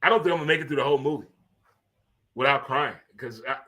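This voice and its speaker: A man, hosting a casual talk show in an animated, swearing, preacher-like monologue. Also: medium pitch, quick pace. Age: 50s. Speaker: host. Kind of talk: casual radio-style monologue.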